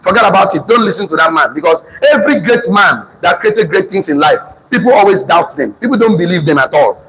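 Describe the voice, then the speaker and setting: A man's voice: high-pitched, lively intonation, a little fast, fairly bright tone, husky, poor audio. A man with a Nigerian accent giving a motivational class lecture, emphatic and repetitive, drilling his audience in call-and-response. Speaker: motivational teacher.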